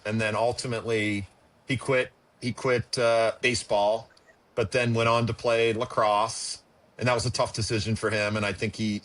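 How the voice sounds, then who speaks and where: A middle-aged man telling a personal story as a podcast guest, halting and emotional with frequent restarts. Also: on the low side, fairly bright tone. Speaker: podcast guest, former pitcher and father.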